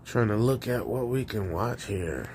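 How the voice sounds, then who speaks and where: Slow, rambling profane male streamer. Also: fairly low pitch, animated, darkish tone, a little hiss or hum. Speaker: call-in show host. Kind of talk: casual livestream rant.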